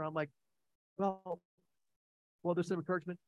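A man preaching with a slightly higher pitch than most men. He talks in an earnest, conversational way, full of restarts and fillers as he tells stories. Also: normal speed, long pauses, dull audio. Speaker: pastor. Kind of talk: preaching sermon.

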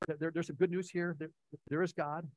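A man preaching with a slightly higher pitch than most men. He talks in an earnest, conversational way, full of restarts and fillers as he tells stories. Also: little pitch movement, brisk, no echo, rough recording. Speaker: pastor. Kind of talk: preaching sermon.

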